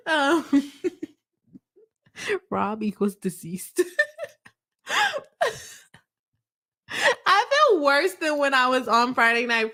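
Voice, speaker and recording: A woman's voice: fairly high pitch, fairly bright tone. Giggly woman host reading live chat. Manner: giggly, laughs often between remarks. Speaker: live-stream host reading viewer comments. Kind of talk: casual live-stream chat.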